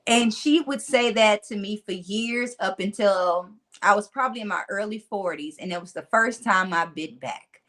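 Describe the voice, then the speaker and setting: This woman in her forties has a medium-pitched voice with a Southern country twang, talking at normal speed with hardly any pauses. She's a motivational speaker telling stories in a casual interview, animated and often laughing.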